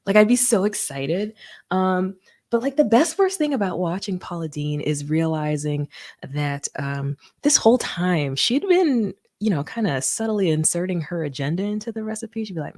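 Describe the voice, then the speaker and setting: A laid-back woman comic rambles through a stand-up set with a low-pitched voice. She giggles her way between thoughts and keeps an easy, unhurried manner. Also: lively intonation, a little mellow. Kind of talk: stand-up set on a live stream.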